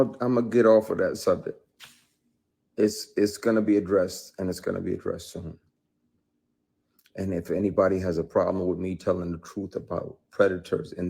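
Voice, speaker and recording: Husky, low-voiced man speaking with blunt intensity. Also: fairly even intonation, normal speed, warm tone. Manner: emphatic and blunt, swears freely. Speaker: actor. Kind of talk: impassioned interview testimony.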